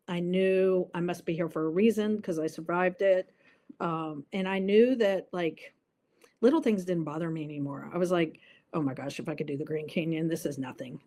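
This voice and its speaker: A woman's voice: on the low side, darkish tone. A woman guest in an interview, telling a personal story earnestly and vividly, with many fillers.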